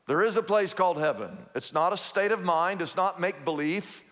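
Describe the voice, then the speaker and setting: Male pastor, high voice, emphatic repetitive preaching, long hall reverb. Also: lively intonation, fairly bright tone. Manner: emphatic, repetitive, slows down to stress key phrases. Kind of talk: sermon.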